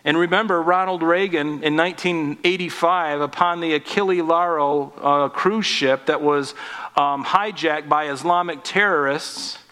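Pastor preaching in a reverberant hall. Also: male voice, on the high side, steady tone, unhurried, smooth. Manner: swells up on scripture, drops soft on tender points. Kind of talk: sermon. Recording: long reverb of a large hall.

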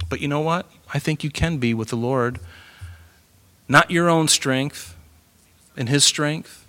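A male pastor delivering a sermon with a slightly high voice. He preaches in an animated, playful way, acting out the scripture quotes with humor.

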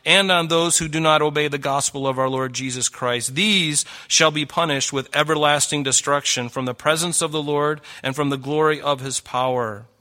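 A man's voice: on the high side, fairly even intonation, moderate pace, hardly any pauses, bright, forceful tone. A middle-aged man preaching a sermon, earnest and pleading, his voice rising for emphasis.

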